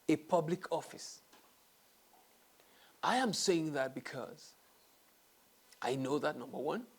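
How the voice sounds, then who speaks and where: A man's voice: on the high side, breathy edge. A man hosting a talk show, delivering an earnest monologue that repeats its key phrases and sinks to a whisper for emphasis. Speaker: host.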